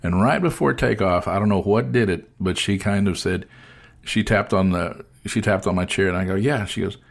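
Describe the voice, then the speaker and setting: A man hosting an interview, telling a travel story in a relaxed, chatty way and acting out the people in it. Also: low-pitched, moderate pace, vocal fry. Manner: animated storyteller acting out dialogue. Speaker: podcast host.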